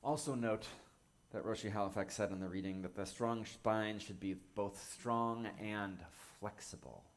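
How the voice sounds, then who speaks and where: Gentle, low-voiced male minister. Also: steady tone. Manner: gentle, measured, reflective. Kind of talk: sermon.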